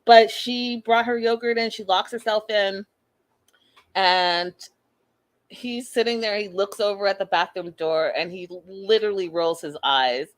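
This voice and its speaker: A woman hosting a casual reality TV recap, talking in an animated, exasperated, gossipy way. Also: medium pitch, measured pace. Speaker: host.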